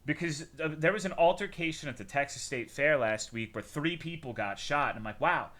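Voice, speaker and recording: Guy streamer ranting to chat, swears a ton, bright voice, gets loud quick. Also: on the high side. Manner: profane, animated storytelling with sudden loud bursts.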